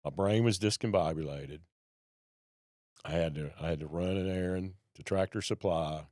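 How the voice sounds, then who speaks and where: A man's voice: sits low, normal speed, dark tone, no room sound, studio quality. A man, a podcast guest telling a personal story in a folksy, plain-spoken way.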